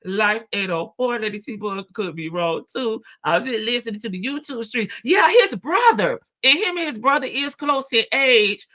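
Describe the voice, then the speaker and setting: A woman's voice: fairly high pitch, moderate pace, few pauses, pushed and bright, dull audio. A woman hosting a livestream, chatting casually, greeting viewers by name and laughing often. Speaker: livestream host. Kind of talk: casual chat reading out live comments.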